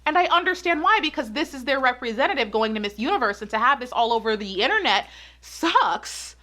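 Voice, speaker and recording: A woman's voice: fairly high pitch, lively intonation, a little fast, sharp tone. A woman giving opinionated vlog commentary, emphatic and repeating her points as she gets worked up. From United States. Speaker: pageant commentary YouTuber.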